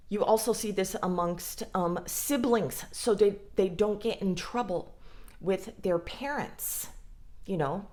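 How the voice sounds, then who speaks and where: A woman's voice: lowish voice, darkish tone. A woman vlogger talking casually about mental health in a blunt, frank way, swearing freely. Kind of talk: casual talk to camera.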